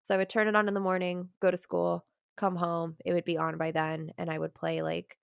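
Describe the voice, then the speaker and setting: A woman's voice: fairly low pitch, level tone, brisk, vocal fry, clean tone, no room sound, studio quality. A woman in her thirties chatting on a podcast, rambling and correcting herself as she remembers. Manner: rambling, self-correcting recollection. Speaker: podcast co-host. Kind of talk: casual chat.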